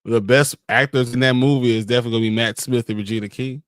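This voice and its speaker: A man's voice: medium pitch, steady tone, fast, dry recording. A man hosts a casual show chat, easygoing and steering the talk along. His voice sits in the middle range. The sound is dry and close. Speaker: host.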